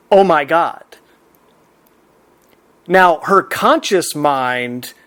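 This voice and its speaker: A man telling a personal story in an unhurried, reflective way, often laughing as he talks. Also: fairly high pitch.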